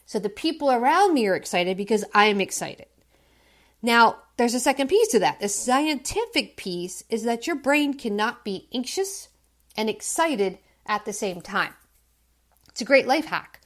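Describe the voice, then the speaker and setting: A woman's voice: a little high, sing-song, normal speed. A woman addictions coach giving an upbeat, emphatic self-help talk, acting out people's worries in quoted lines.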